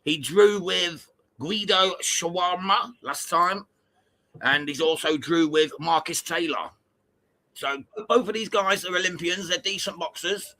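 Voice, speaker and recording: A British man with a bright, forceful, slightly high voice co-hosts a boxing watchalong. He is chatty and matter-of-fact and often calls people mate. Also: measured pace, low-quality recording. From Britain. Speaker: co-host giving fight stats. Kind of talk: casual watchalong chat.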